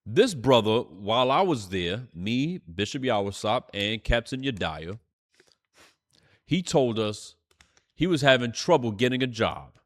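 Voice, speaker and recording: A man's voice: medium pitch, sing-song, unhurried, fairly bright tone. A man teaching a church class, telling a story with fiery, profane outbursts. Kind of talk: preaching class lesson.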